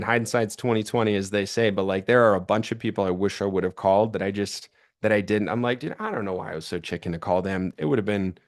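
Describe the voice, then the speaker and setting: Animated young man giving sales training. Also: on the low side. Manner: animated storytelling, acts out quoted voices. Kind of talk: motivational sales training talk.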